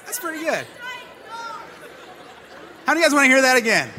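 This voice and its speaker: Man, youth preacher, high voice, jokey and lively, long hall reverb. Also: moderate pace, noisy background. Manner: lively, jokey, talks straight to the crowd. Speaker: youth pastor. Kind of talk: sermon with audience participation.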